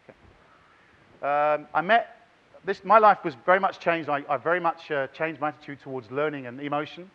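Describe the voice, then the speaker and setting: A middle-aged man giving a lively, chatty conference talk and directing the audience. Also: fairly high pitch, moderate pace, lo-fi sound. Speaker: conference plenary speaker. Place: large conference hall.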